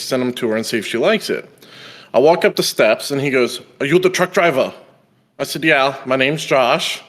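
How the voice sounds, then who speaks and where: A young man and podcast host telling a story in a casual chat, acting out the people he quotes. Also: mid-range voice. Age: young adult. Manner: animated storyteller, acts out quoted voices.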